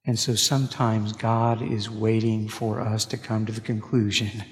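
A man pastor delivering a sermon, telling stories with halting restarts. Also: on the low side, level tone. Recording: long reverb of a large hall.

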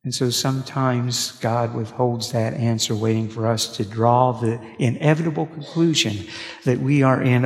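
A man pastor delivering a sermon, telling stories with halting restarts. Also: medium pitch. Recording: long reverb of a large hall.

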